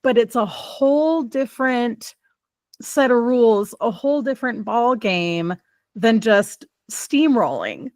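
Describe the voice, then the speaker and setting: A woman speaking as a guest in casual conversation, expressive and quick to laugh, sharing her experience as a child behavior specialist. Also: a little high, no echo. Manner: lively, expressive, laughs easily.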